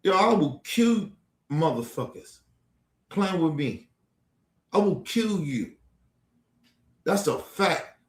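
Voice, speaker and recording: Guy ranting mad and cursing nonstop, kinda high voice, roomy echo. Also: big pitch swings, slow pace, pauses often. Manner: profane, heated, threatening, repetitive. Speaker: livestream host. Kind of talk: angry ranting monologue. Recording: echoey room.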